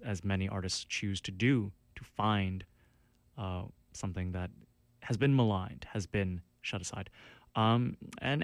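Man, campus radio host, low voice, dry close studio sound, rambling and self-mocking. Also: no room sound. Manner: rambling, self-deprecating, many fillers and restarts. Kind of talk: casual radio show chat. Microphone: studio mic.

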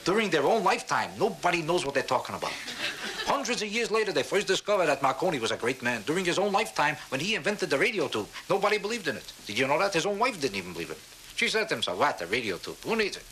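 A man doing a stand-up routine, with deadpan, mock-serious bragging to a laughing audience. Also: fairly high pitch, fast, noisy background. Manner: deadpan boastful delivery with mock-serious asides. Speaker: stand-up comedian.

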